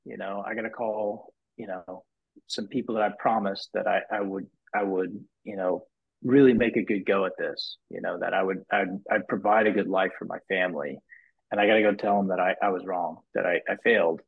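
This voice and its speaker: A man with a husky, somewhat low voice talks on a podcast, recorded in slightly muffled sound. He tells stories casually and with energy, stumbling over his restarts and leaning on "you know". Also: brisk. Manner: animated storyteller, many restarts and "you know"s, rises high acting out quotes. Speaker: podcast guest, business owner. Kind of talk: casual storytelling interview.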